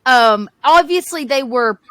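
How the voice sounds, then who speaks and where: A woman playing in a tabletop game, talking casually, with energetic and chatty speech. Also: high voice, a little slow, no echo. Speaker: player.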